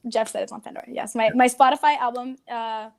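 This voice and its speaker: Teen girl comedian, high voice, giggly, rambling interview chat. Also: steady tone, fast, gravelly. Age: teens. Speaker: young comedian guest.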